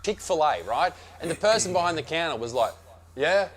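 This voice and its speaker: A man's voice: on the high side, expressive, brisk, fairly bright tone. Brash Australian man ranting sarcastically. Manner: brash, sarcastic, swears freely. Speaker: comedian reviewing America. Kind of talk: comedic travel rant. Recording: played from another video.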